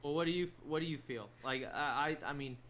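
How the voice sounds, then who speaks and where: A man co-hosting a sports podcast, chatting casually in an animated, argumentative way, often repeating himself. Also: a little high, fairly quick. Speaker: podcast co-host. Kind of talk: casual chat.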